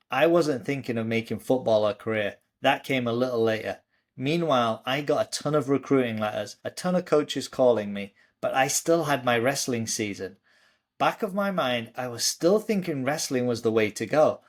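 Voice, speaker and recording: A podcast co-host reading memoir passages in a storytelling way, his voice sitting in an ordinary middle pitch. He reads the story aloud and fills in the gaps between passages, lifting his voice when he quotes the people in it. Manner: storytelling, lively when quoting.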